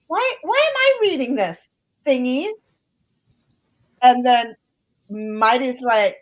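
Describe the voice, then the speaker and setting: Her voice sits high and expressive, moving slowly with long pauses. She's hosting a casual livestream from home, reading viewer comments aloud and rambling, stumbling over repeated words.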